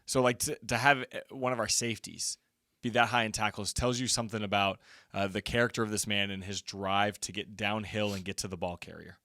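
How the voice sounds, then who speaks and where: A middle-aged man co-hosting a casual football stat show as a coach, enthusiastic and quick to hype his players. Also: lowish voice, fairly even intonation, bright, forceful tone, no echo, studio quality. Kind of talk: casual sports chat.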